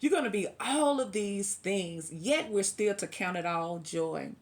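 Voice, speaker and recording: A woman's voice: medium pitch, lively intonation, a little slow. Chatty woman reading tarot cards. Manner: chatty, laughs often, preachy encouragement. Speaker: tarot reader.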